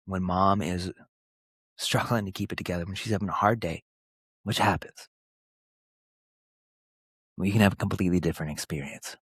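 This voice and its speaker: A man in his thirties talks straight to the listener in an earnest, emphatic podcast monologue. His voice sits low, and the recording is close and dry with no room sound. He lands short, punchy phrases and lets pauses hang between them. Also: slightly rough, dry recording. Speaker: podcast host.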